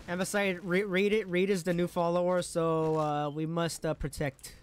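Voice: medium pitch, a little hiss or hum. A game streamer chatting casually on a live stream, rambling, giggling and tripping over words.

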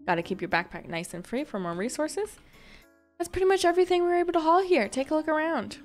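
A woman reading a brisk, teasing villager who shows a newcomer around in a cozy game. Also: high-pitched, very animated, soft background music, voice pushed up.

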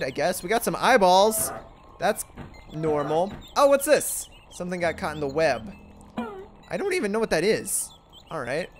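A man's voice: high-pitched, slight background noise. A young man hosting a let's play, reacting animatedly and goofily, often laughing as he clicks through a game. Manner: animated and goofy, often laughing and doing silly voices for characters. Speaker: gaming video host.

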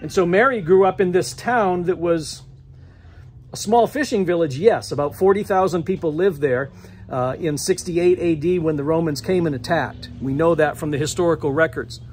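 A man's voice: a little high, moderate pace, a little mellow, slight background noise. A middle-aged male pastor preaching a sermon in a church, telling the story with restarts and acting out the quoted lines. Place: church sanctuary.

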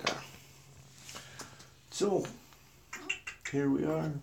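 A man's voice: fairly high pitch, very slow, creaky. A man hosting a casual live stream with his pet cockatoo, greeting viewers and reading out where they are from with easy chuckles. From Canada. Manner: relaxed, chuckling, reads out viewers' home places. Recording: loud background noise and bird squawks. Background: a pet cockatoo squawking.

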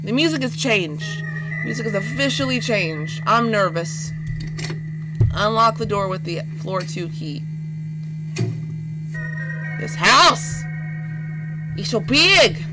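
A gaming YouTuber, a woman, delivers goofy, playful horror let's-play commentary sprinkled with baby-talk words, turning excitable and jumpy whenever she gets scared. Her voice sits a little high, and loud, eerie game music plays behind her on a low-quality recording.

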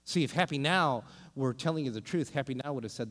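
A man preaching a sermon as pastor, animated and often restarting his sentences. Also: mid-range voice, fast, long reverb tail. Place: church sanctuary.

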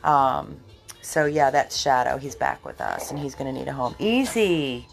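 A woman's voice: very deep voice, very animated, moderate pace, vocal fry. A woman running a dog rescue, chatting casually to viewers and cooing at her dogs in baby talk. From Florida.

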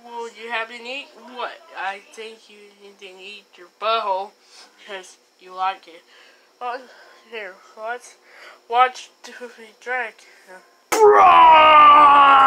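A woman voicing every character in a homemade comedy skit, mumbling some lines and shouting others. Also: on the high side, steady tone, slow pace, a little hiss or hum. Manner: switches between mumbling lines and sudden shouting. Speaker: amateur puppet-movie maker voicing all characters.

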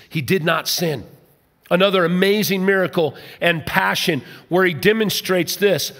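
Emphatic pastor preaching in a reverberant hall. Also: male voice, high-pitched, a bit bright. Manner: conversational, emphatic, acts out quoted voices. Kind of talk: sermon. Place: large church hall.

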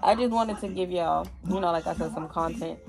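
A young woman and mother chatting casually in a vlog at home, relaxed and chatty with lots of fillers. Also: on the low side, brisk, vocal fry, over music. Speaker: vlogger, mother. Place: home, indoors.

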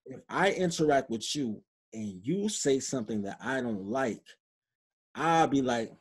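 A man's voice: mid-range voice, expressive, a little slow, slightly rough. A man from Chicago, a podcast guest, giving blunt, emphatic opinions in a casual, street-style way. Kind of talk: opinionated interview talk.

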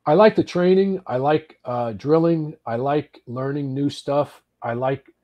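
A man in his early sixties from the United States, a podcast guest telling firefighting stories casually, animated and swearing, with frequent restarts. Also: a little high, unhurried, lo-fi sound. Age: 60s. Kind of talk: casual storytelling.

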